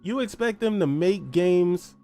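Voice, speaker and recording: High-voiced man ranting profanely. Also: expressive, a little slow, mellow, faint music behind. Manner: profane, heated and mocking, with repeated rhetorical questions. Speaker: podcast host. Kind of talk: solo gaming podcast rant.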